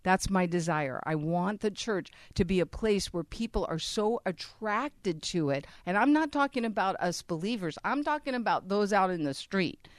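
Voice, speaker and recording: A woman's voice: mid-range voice, expressive, moderate pace, hardly any pauses, no echo, clean studio sound. A woman speaking earnestly to a church audience about abortion recovery, often asking them questions. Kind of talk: conversational church talk.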